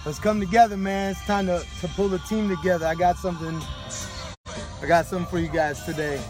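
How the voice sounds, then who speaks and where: A man's voice: high voice, steady tone, a little fast, music in the background. A man coaching on a live stream, hyped and street-casual, swearing freely and calling his viewers "man" and "baby". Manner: loose and unpolished, swears freely. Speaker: life coach. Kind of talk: live-streamed motivational talk.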